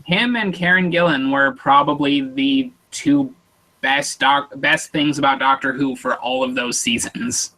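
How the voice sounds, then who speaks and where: A man in casual podcast chat, measured and hedging his opinions. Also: mid-range voice, pushed and bright, low-quality recording.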